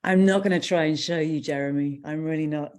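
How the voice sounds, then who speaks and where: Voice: medium pitch, fairly even intonation, a little fast, darkish tone. A good-humored interviewer asking a guest a question in a casual conversation.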